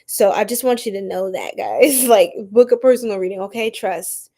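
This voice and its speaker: A woman's voice: mid-range voice, expressive, moderate pace, mellow. A woman hosting a casual live stream, greeting viewers by name and laughing often. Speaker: tarot reader and live stream host.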